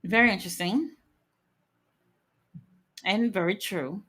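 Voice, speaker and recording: A woman's voice: mid-range voice, slow, a bit bright, husky. A woman hosting a live wrestling watch-along, chatting casually, reading out chat messages and giving blunt, opinionated takes with the odd curse word.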